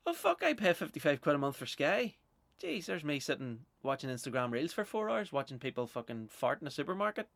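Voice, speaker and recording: A man's voice: on the high side, sing-song, fairly quick, fairly bright tone, no echo. A Northern Irish man, a comedian, ranting through a sweary, exasperated, rambling monologue. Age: adult with young children.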